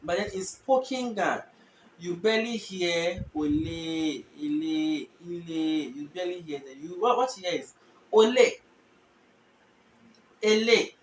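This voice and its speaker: A man teaching a language lesson, explaining patiently and repeating example phrases slowly with stressed tones. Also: a little high, expressive, echoey room, distant mic, a little hiss or hum, low-quality recording.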